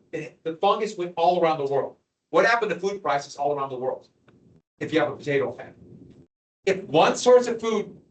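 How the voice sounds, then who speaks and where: A man teaching a history lecture to a class, animated and quizzing students as he goes. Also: fairly high pitch. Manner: animated, asks the class questions. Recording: echoey classroom from far off.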